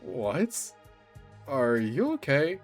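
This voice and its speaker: A streamer reads out a visual novel in a man's voice, pitch swinging all over the place as he jumps between characters and his own reactions. Faint game music sits underneath him. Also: extremely slow. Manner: reads every character aloud, with animated asides and laughter. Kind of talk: reading a visual novel aloud while playing.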